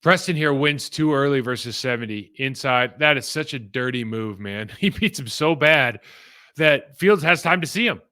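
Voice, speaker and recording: A man's voice: medium pitch, lively intonation, moderate pace, pushed and bright. A man casually breaking down football game film, talking in a rambling, conversational way that trails off and restarts.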